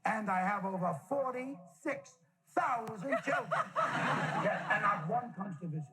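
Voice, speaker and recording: A man's voice: high voice, huge pitch swings, moderate pace, very noisy. A comedian playing an ancient, bragging two-thousand-year-old man who rambles and kvetches, answering audience questions. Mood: kvetchy. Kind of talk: improvised comedy character Q&A.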